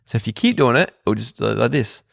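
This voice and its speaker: Gravelly laid-back man telling a story. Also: mid-range voice, brisk, no room sound, clean studio sound. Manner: relaxed, swears freely, many restarts. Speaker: podcast guest. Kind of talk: casual conversational storytelling.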